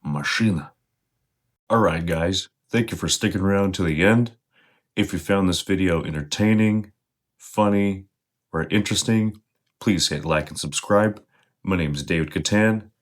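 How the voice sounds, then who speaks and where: A man talking casually to camera, explaining slang in a relaxed, direct way to his viewers. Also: sits low, normal speed. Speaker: vlogger teaching slang.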